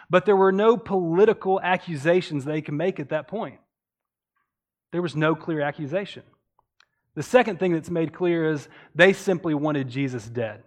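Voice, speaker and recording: A man delivers a sermon in a higher-than-usual male register. His delivery is earnest, and he often stacks rhetorical questions to draw the listener in. He speaks like a pastor teaching from the pulpit.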